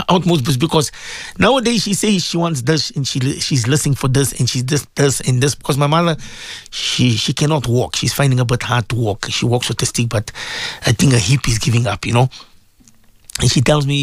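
A man's voice: on the high side, no echo. A man hosting a live religious radio show, preaching emotionally to his listeners and repeating his points for emphasis. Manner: emotional, repetitive preaching, addresses listeners directly. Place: radio studio.

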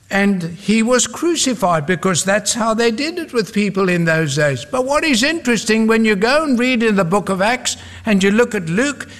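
A man's voice: high-pitched, a bit bright, big-room sound. A South African man preaching a sermon, emphatic and repetitive, with humorous asides.

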